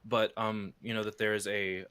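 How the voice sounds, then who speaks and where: A man's voice: on the low side, flat delivery, moderate pace, a bit bright, clear, resonant tone. A man narrating a tabletop game as game master, describing scenes in a rambling way. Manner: rambling, many fillers and restarts.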